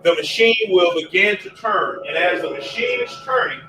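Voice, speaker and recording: Higher-voiced man demonstrating a machine, echoey. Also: animated, normal speed, noisy background. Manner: step-by-step demonstration talk. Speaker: equipment demonstrator. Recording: echoey, distant with faint ambience.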